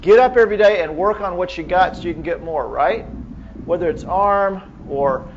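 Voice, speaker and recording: A man with a fairly high speaking voice lectures a hall of clinicians. He talks casually and keeps throwing rhetorical questions at the audience. The recording is dull and lo-fi, with faint hiss underneath. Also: moderate pace. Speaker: medical lecturer.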